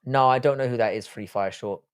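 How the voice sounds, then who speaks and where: A man in his forties, raised in England, hosting a casual live stream. He banters with his chat in a crude, swearing, joking way. His voice sits at an ordinary pitch and is recorded close and dry, with no room sound. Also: a little fast, clean tone, dry recording. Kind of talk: casual live chat, reading viewer comments.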